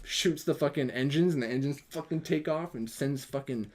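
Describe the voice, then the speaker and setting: A man co-hosting a casual movie review podcast, retelling scenes in an animated way, swearing often and acting out the characters' lines. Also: a little high, moderate pace. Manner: animated, swears a lot, acts out quotes. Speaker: podcast co-host.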